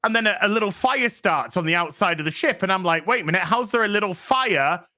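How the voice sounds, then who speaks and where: Man, podcast host, sarcastic profane rant, fairly high voice, tense and forceful. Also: expressive, quick pace. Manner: profane, sarcastic, exasperated, acts out characters' lines. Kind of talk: casual review rant.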